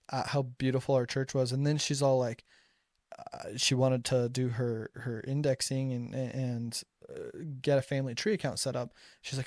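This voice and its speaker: A man's voice: medium pitch, no echo, studio quality. Young man telling a chatty story. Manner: chatty, acts out dialogue, frequent restarts. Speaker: returned missionary storyteller. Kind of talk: casual personal storytelling.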